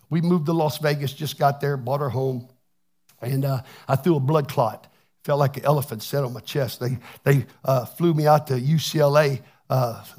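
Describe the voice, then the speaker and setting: A man's voice: mid-range voice, a little mellow. A man preaching a plainspoken, folksy testimony sermon, often repeating words as he restarts. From Texas. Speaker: pastor.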